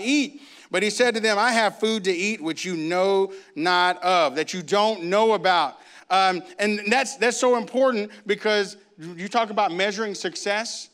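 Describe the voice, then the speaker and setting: Male preacher, animated storyteller, high and clear delivery. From grew up in a Baptist church. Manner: animated storytelling, acts out voices. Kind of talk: sermon.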